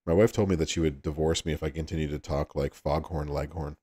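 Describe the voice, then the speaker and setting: A man's voice: extremely low pitch, steady tone, quick pace, dark tone, breathy edge. A man with a Southern US accent hosting a livestream, chatting casually with viewers and laughing often. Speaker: livestream host.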